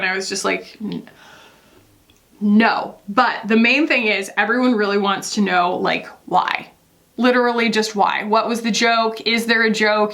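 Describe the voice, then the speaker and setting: A woman's voice: medium pitch, fairly bright tone. A woman beauty vlogger chatting casually while doing her makeup, gossipy, with lots of fillers.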